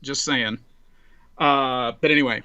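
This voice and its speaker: A man in his forties, a podcast guest, telling an animated, rambling story in casual chat, full of restarts. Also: mid-range voice, measured pace, no room sound, lo-fi sound.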